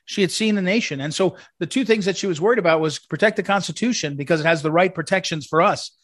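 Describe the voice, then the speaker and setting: A man's voice: high-pitched, quick pace, a bit bright, no room sound, studio quality. A man hosting a commentary segment, telling rambling, anecdotal stories in a eulogy style. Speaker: commentary host.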